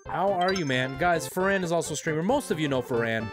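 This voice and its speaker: A chatty, excitable streamer, greeting viewers by name between plays. The voice sits in a middle register, with loud game music playing behind it throughout. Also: mid-range voice, fast. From Canada.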